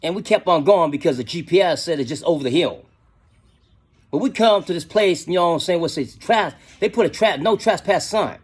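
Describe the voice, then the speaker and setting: A middle-aged man tells a story in a loose, slangy way, with "you know what I'm saying" after nearly every thought. His voice sits high for a man and has a husky edge. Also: expressive, brisk. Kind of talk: casual storytelling.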